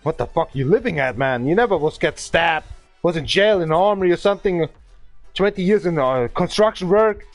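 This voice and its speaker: A man's voice: a little high, expressive, a little fast, dry recording, faint music behind. A man from Bavaria with a German accent, ranting profanely and hurling insults at another player during a gaming livestream. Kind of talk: angry livestream rant.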